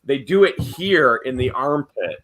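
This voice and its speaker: A man hosting a family vlog, telling a story in a casual, animated way and mimicking people's voices. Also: measured pace. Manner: animated, acts out quotes in a high shouting voice. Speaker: vlogger and family channel host.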